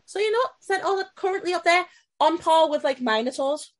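A woman's voice: very high voice, animated, fairly quick. A woman who streams, chatting playfully as a podcast guest and laughing often. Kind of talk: casual chat.

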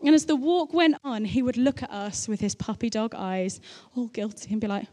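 A woman preaching from a church stage, with a slightly high voice that carries a long echo through a large hall. Her delivery is chatty and anecdotal, with playful asides mixed into the message. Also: normal speed, few pauses, dark tone. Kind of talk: sermon.

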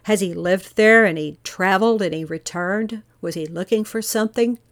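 A woman tells a true-crime story as a podcast host. She talks in an earnest, measured way and keeps turning to rhetorical questions. Her voice sits in a mid range. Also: mid-range voice. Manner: volunteer investigator speaking earnestly.

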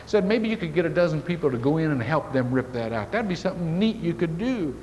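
A male pastor delivers a folksy, story-driven sermon, his voice a touch high and swinging widely in pitch. The recording carries the long reverb of a church sanctuary with a faint hiss underneath. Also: very animated, fast talker, a little mellow, lo-fi sound. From Indiana.

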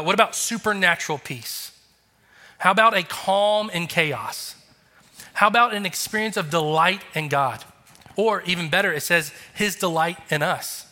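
Bright-voiced preaching man, reverberant hall. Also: high voice. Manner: earnest, conversational, emphatic preaching. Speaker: pastor. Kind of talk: sermon.

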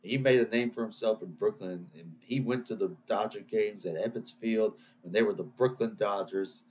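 A man's voice: on the low side, normal speed, darkish tone, a little hiss or hum. A man hosting his own podcast, ranting and rambling in a self-deprecating way. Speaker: podcast host. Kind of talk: solo rant podcast.

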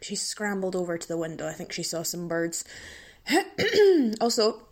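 A woman's voice: lowish voice, normal speed. Giddy, rambling woman podcast host with a cold. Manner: giddy, rambling, self-mocking, giggly. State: sick with a blocked nose. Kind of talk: casual solo podcast chat.

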